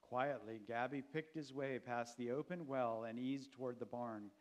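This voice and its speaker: A man narrating a children's story in a gentle, measured way. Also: mid-range voice.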